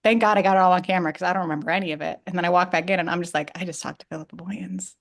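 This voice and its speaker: A woman chatting casually on a livestream, excitable and rambling, swearing freely as she tells her story. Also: fairly low pitch, rapid-fire. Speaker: community member on a livestream. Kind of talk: casual chat.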